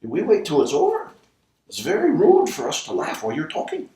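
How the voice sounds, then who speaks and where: A man voicing an excited father in his late fifties who earnestly explains customs in a raised voice. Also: on the high side, fairly quick, voice pushed up. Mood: earnest explaining. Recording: roomy, distant mic.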